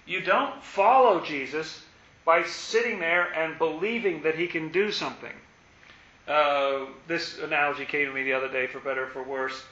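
A man teaches on scripture in a musing way that turns emphatic. His voice is bright and a little high. The recording has a lot of room echo and a dull, lo-fi sound. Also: moderate pace. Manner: musing, grows forceful and emphatic. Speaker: Bible teacher. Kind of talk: reflective Bible talk.

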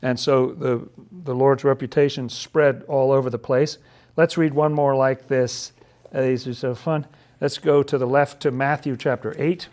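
A man's voice: medium pitch, fairly even intonation, moderate pace, a little mellow. A man leading a casual Bible study, chatty and laughing often, who acts out the figures' lines in playful voices.

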